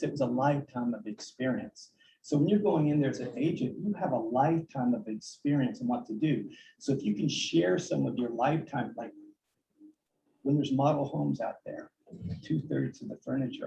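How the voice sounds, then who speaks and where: Gravelly real estate agent in an echoey room. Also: male voice, mid-range voice, mellow. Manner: earnest, coaching tone with repeated restarts. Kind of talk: town hall talk sharing sales advice. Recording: distant, dull, echoey room audio with faint noise.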